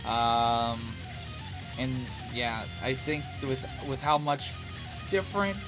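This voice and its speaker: A man's voice: mid-range voice, animated, takes it slowly, music in the background. A man hosting a reaction video, chatting casually and rambling with lots of fillers and the odd swear word. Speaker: reaction channel host.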